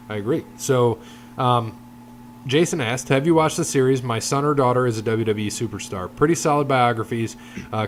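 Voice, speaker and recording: A man of middle pitch co-hosting a casual chat podcast. He talks in long rambling runs and slips into quoted voices as he retells stories. A faint hum sits under the recording. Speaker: podcast co-host.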